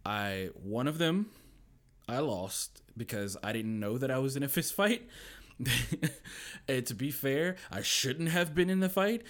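A young man telling stories as a podcast guest, lively and quoting people in put-on voices. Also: medium pitch, a little slow. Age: young adult. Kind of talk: casual storytelling chat.

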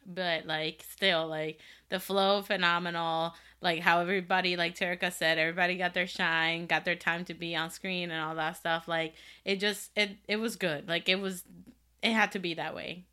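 A woman hosting a casual chat, upbeat and quick to laugh between remarks. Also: fairly low pitch, level tone, bright, forceful tone. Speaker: podcast host.

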